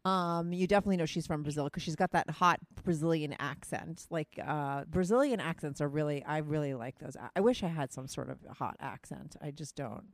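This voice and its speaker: This podcast host is a woman in her thirties with a deep voice and a New Jersey or New York accent, talking fairly quickly with hardly any pauses. Over a phone call she casually and bluntly ribs a friend, full of fillers. There's no echo.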